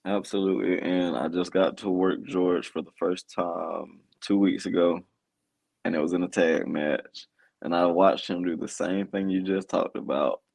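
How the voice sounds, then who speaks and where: A man with a low, gravelly voice chats as a podcast guest. He rambles and restarts often, filling gaps with fillers. His voice sounds dry and close, with little room sound. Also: fairly even intonation, normal speed, darkish tone, dry recording. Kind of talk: casual podcast chat.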